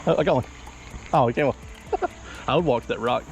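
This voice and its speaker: A man's voice: medium pitch, brisk, vocal fry. A man hosting a fishing vlog, chatting easygoing as he wades and casts in a mountain creek. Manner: easygoing, chatty, talks while casting. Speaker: fishing channel host. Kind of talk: casual outdoor vlog commentary. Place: outdoors wading in a mountain creek. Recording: outdoor field recording with insect noise.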